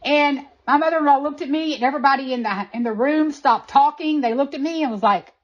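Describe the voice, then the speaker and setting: Woman interviewee, lively emphatic storyteller, somewhat high voice, dull lo-fi recording. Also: quick pace. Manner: animated, emphatic, acts out quoted voices. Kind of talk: personal storytelling.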